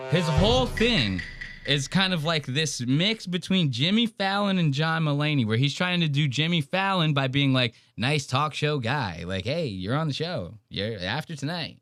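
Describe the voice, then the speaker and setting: A man's voice: a little high, a bit bright, dry recording, clean studio sound. A man co-hosting a podcast, talking in casual, mocking banter and swearing freely. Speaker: podcast co-host.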